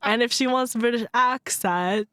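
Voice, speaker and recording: A young woman hosting a college radio podcast, teasing her co-host in quick, casual banter. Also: on the high side, sharp tone, no room sound. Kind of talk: casual chat.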